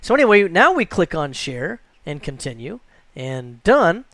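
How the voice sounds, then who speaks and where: A man teaching a screen-recorded software tutorial, chatty and jokey, thinking aloud as he clicks through. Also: fairly high pitch, sing-song, a little slow, no echo. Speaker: computer instructor.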